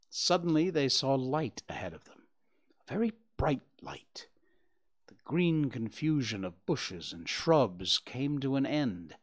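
A man reading a children's story aloud with expressive, gentle narration. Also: mid-range voice.

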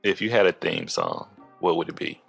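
A man hosting a casual interview, playful and quick to laugh. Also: low-pitched, vocal fry. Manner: playful, laughing, drawn-out phrases. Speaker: podcast host. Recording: muffled lo-fi audio with faint music.

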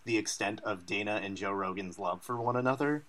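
A man's voice: fairly low pitch, a little fast, fairly bright tone. A man co-hosting a podcast in casual chat about a fight broadcast, playful and fond of joke impressions. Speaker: podcast co-host.

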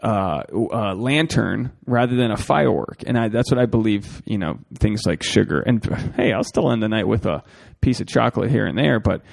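Gravelly, rambling male podcast host. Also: fairly low pitch, animated, normal speed. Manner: rambling, profane, talks straight to listeners as folks. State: a bit out of breath. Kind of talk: solo podcast monologue.

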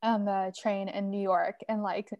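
A young woman in casual chat, talking in a relaxed, chatty way and leaning on "like". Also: medium pitch, a little slow, no echo, lo-fi sound. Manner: relaxed and chatty, heavy use of "like".

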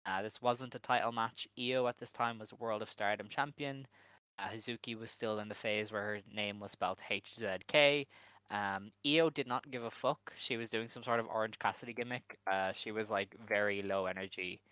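A man's voice: lowish voice, steady tone, normal speed, sharp tone, smooth, no room sound. A man co-hosting a podcast, chatting in a laid-back, amused way and swearing casually. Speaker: podcast co-host. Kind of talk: casual chat recapping wrestling.

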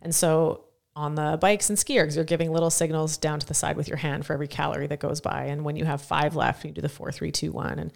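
Woman podcast cohost, deep with some vocal fry, lively storyteller vibe. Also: fast talker, hardly any pauses. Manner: animated storyteller who acts out quotes. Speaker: podcast co-host and competition judge. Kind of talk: casual podcast chat.

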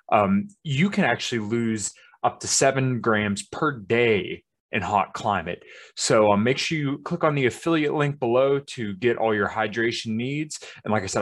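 A podcast host doing a loose, upbeat sponsor read with a few ums. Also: male voice, fairly low pitch.

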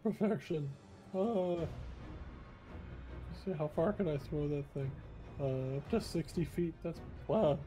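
Man, tabletop player, slow unhurried speech, thinks aloud, faint music behind. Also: a little high, mellow. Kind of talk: tabletop game play.

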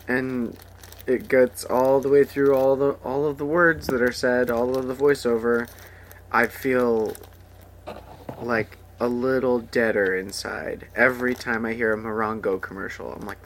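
A man's voice: medium pitch, normal speed, a little hiss or hum. A young man hosting a podcast, ranting crudely and sarcastically about things he hates, mocking the voices of ads. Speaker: podcast host. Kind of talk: profane rambling rant.

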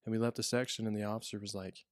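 A man's voice: fairly low pitch, little pitch movement, racing, no room sound, clean studio sound. Man rambling through a story. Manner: rambling storyteller, many restarts and fillers. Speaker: prison officer telling work stories. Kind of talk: casual podcast chat.

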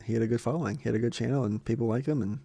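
A man chatting casually on a podcast, rambling and quick, with frequent restarts. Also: mid-range voice, vocal fry, mellow, husky, no echo. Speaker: podcast co-host. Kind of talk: casual chat.

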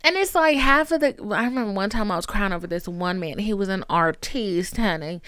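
A young woman hosting a solo podcast, talking candidly in an animated, profane, playfully dramatic way. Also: a little high, normal speed, few pauses, clean tone, no room sound, studio quality. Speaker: podcast host.

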